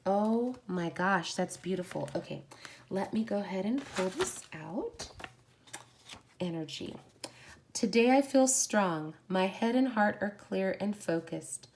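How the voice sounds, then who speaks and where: A woman hosting a live oracle card reading. She is effusive, exclaims and giggles often, and slows down to read the card affirmations aloud. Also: medium pitch, expressive, darkish tone, a little hiss or hum.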